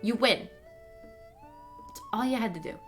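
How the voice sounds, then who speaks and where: A young woman streamer ranting in casual commentary, animated and profane, with lots of fillers. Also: fairly high pitch, a little slow, slightly rough, soft background music.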